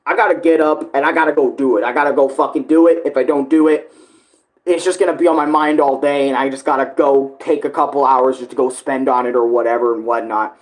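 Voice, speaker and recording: A man's voice: medium pitch, fairly even intonation, fast. A man chatting loosely about his own song cover, swearing and restarting sentences often. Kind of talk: casual rambling commentary.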